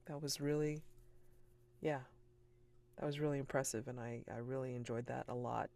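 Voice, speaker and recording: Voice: mid-range voice, steady tone, normal speed, vocal fry, a little mellow. A game master wrapping up a tabletop role-playing session, talking in a rambling, enthusiastic way with many fillers.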